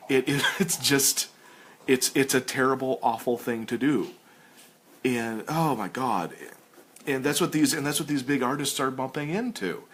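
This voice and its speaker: A man hosting a casual chat while sketching, ranting with animated stammered restarts. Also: medium pitch, unhurried, breathy edge.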